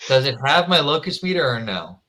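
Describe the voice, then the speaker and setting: A man's voice: mid-range voice, very animated, fairly quick, sharp tone. A man playing a tabletop game, blunt and sarcastic in character. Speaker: player.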